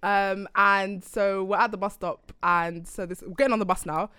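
A woman's voice: mid-range voice, moderate pace, clear, resonant tone, no room sound, studio quality. A young woman, co-hosting a podcast and telling stories in casual chat. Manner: animated storyteller, acts out voices. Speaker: podcast co-host.

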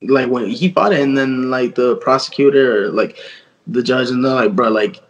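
A man's voice: medium pitch, moderate pace, lo-fi sound. A young man in his twenties, a guest artist telling a story in casual, slang-heavy speech full of fillers and quoted dialogue.

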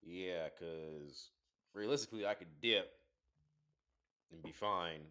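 Young man, college football player, fairly low voice, laid-back, stop-start phrasing, swears casually. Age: young adult. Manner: relaxed, halting restarts, casual swearing. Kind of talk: casual chat.

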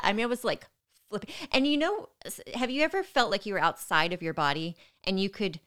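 A woman's voice: medium pitch, big pitch swings, quick pace, fairly bright tone, smooth. A woman animatedly telling a personal story in casual chat, often breaking into laughter. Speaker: guest telling her birth story.

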